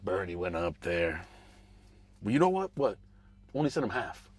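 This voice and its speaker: Male podcast host, casual political rant with lots of swearing, lively and varied pitch. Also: moderate pace, breathy edge. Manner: animated, profane, swings between mumbling asides and raised outbursts.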